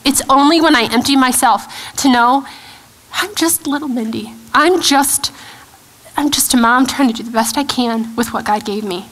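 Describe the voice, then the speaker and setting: A woman in her thirties giving a personal testimony at a church event, earnest and halting, with frequent restarts and fillers. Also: on the high side, fairly even intonation, a bit bright, low-quality recording. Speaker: guest speaker.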